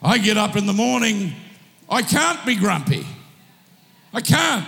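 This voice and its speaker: A male pastor preaching a sermon with a strained throat, exhorting in loud bursts with humorous asides. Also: high-pitched, lively intonation, normal speed, gravelly, long pauses, in a large hall.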